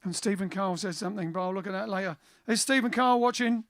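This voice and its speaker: A man's voice: high-pitched, quick pace, no echo. A man from England hosting a band's livestream, chatting, telling jokes and reading out viewer comments. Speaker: band singer and livestream host. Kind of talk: casual chat and jazz singing. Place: indoors, home livestream. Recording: music playing loud behind the voice. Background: band music.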